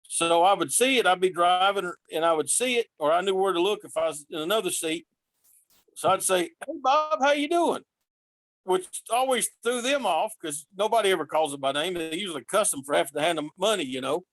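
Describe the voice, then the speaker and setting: A man telling road stories casually as a podcast guest, lively and acting out the voices of the people he quotes. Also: sits high, quick pace, hardly any pauses, no echo. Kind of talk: casual storytelling.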